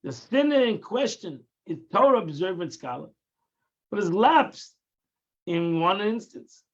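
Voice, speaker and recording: A man's voice: high-pitched, very animated, measured pace, dull audio. A man teaching a daily Tanya lesson, explaining patiently, repeating and restarting phrases and mixing in Hebrew terms. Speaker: Torah teacher.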